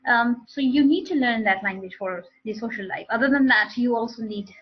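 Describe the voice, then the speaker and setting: A woman's voice: on the high side, a little fast, slightly rough, lo-fi sound. A woman teaching a live online English speaking class, explaining with repeated and restarted phrases.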